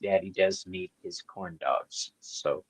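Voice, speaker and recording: A man's voice: low voice, slow pace, husky, poor audio. A man hosting a tarot live-stream interview, talking in a blunt, wry, outspoken way. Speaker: host, tarot reader. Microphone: live-stream mic.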